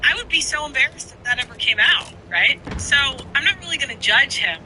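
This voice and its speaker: A man's voice: extremely high pitch, big pitch swings, a little fast, heavy background noise. A man live-streaming, giving opinionated casual commentary while he plays a game. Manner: opinionated, talks while gaming.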